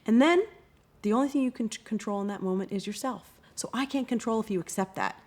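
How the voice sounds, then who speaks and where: A woman who runs anti-bullying workshops, answering interview questions in an expressive way and often acting out quoted voices. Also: fairly high pitch, fast. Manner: expressive, acts out quoted kids and parents.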